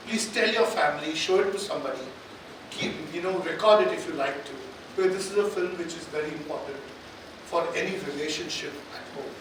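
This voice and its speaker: A man giving a live stage talk and drawing out the audience, energetic and coaxing, repeating phrases for emphasis. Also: sits high. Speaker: motivational speaker addressing an audience. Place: large conference hall. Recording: echoey hall, distant, background noise.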